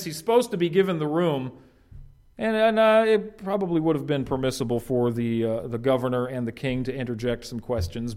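A pastor preaching a conversational sermon, animated and informal, often restarting his phrases. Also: medium pitch.

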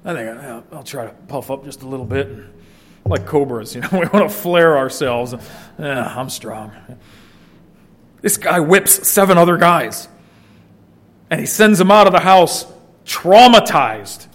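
A man preaching an expository sermon, swinging between loud emphasis and quiet, low asides. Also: animated, moderate pace. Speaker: pastor.

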